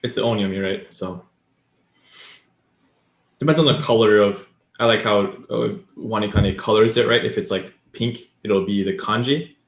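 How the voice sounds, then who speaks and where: A man's voice: fairly low pitch, fairly even intonation, normal speed, reverberant. A man co-hosting a casual podcast, explaining things at length and acting out example lines. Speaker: podcast co-host. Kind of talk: casual chat.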